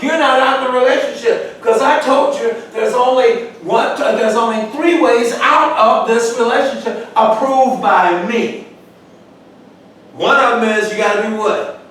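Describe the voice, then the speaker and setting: High-voiced man teaching Bible study in an echoey church. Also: moderate pace, a bit bright. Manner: asks questions for the group to answer, sudden emphatic outbursts. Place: church room. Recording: echoey church room from far off, faint noise.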